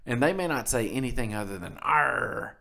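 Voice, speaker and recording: A man's voice: mid-range voice, animated, fast. A man co-hosting a podcast, telling a funny story from his past in a casual chat and laughing often as he goes. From South Mississippi. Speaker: podcast co-host.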